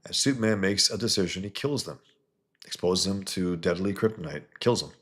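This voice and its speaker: A man's voice: brisk, fairly bright tone. A man, a comics creator, talking in a heated, blunt monologue and mocking other views. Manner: heated, blunt, mocks others with sudden high put-on voices. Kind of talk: casual opinionated monologue.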